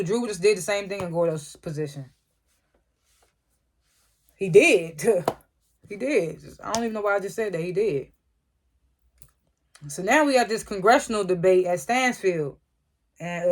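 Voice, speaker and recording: A young adult recapping a TV drama episode at a relaxed, conversational pace. The voice sits in the middle range, and the delivery is slangy and unpolished. Laughs come often between the retold scenes. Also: mid-range voice. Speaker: TV show reviewer.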